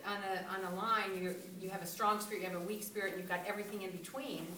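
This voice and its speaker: A woman's voice: medium pitch, fairly even intonation, fast talker. An older woman earnestly giving casual parenting advice. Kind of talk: casual faith-based parenting talk. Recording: echoey room from a distance with noise.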